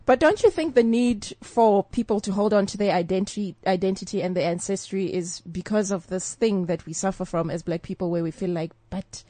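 A woman's voice: medium pitch, brisk, few pauses, mellow, no room sound. Questioning woman, dry sound. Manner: probing follow-up questions. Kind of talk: casual chat.

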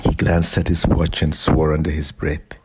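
A man narrating a short story in a calm, measured reading voice. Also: extremely low pitch, very noisy. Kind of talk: audiobook narration.

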